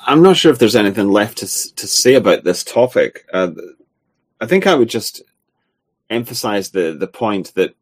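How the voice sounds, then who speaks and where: A man co-hosting a spoken discussion, talking in a halting way with many filler sounds and restarts. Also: fairly low pitch.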